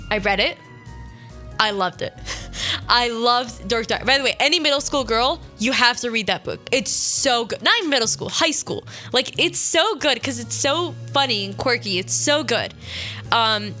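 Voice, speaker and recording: A woman's voice: fairly high pitch, pushed and bright. A young woman hosting a radio show, telling a personal story in a casual, rambling way, correcting herself often and sniffling now and then. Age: young adult. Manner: chatty, rambling, self-correcting, many "like"s.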